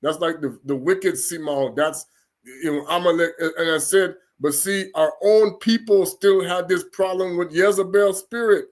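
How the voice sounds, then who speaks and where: A religious teacher gives an informal scripture lesson in a high-pitched voice at a moderate pace. He sounds out foreign words one syllable at a time and slips into chatty asides where he laughs and grows animated.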